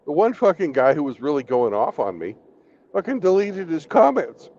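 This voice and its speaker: A man's voice: fairly high pitch, big pitch swings, moderate pace, darkish tone. A man in a casual podcast chat, talking bluntly and swearing often. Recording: dull lo-fi sound with faint noise.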